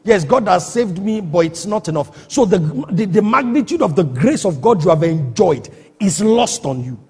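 This sermon comes from a man with a high, very husky voice, delivered expressively at normal speed. He drives his points home with rhetorical questions, making sure the congregation keeps up, while the surrounding hall adds a long reverb.

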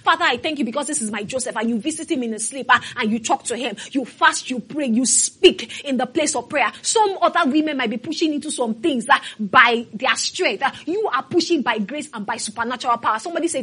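Woman pastor, high husky voice, preaching with emphasis and calls to the congregation. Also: a bit bright. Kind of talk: sermon.

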